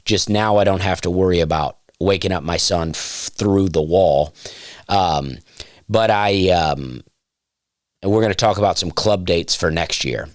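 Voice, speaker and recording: Smooth baritone man, dry rambling podcast host. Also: measured pace, no echo. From Alabama. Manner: rambling, dry, self-deprecating asides with many fillers. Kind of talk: casual solo podcast monologue. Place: home, during nap time.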